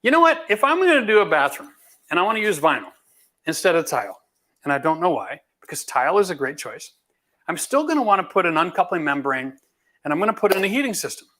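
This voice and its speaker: A man's voice: high-pitched, very animated, fast talker, bright, forceful tone. A middle-aged man from Canada, a home renovation host answering viewer questions in a blunt, emphatic, folksy way. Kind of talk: live Q&A chat.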